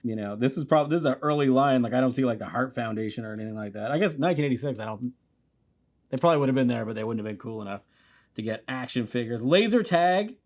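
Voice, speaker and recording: A man's voice: medium pitch, quick pace. Rambling man in his forties. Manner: rambling, filler-heavy, relaxed. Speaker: host. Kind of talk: casual nostalgic commentary.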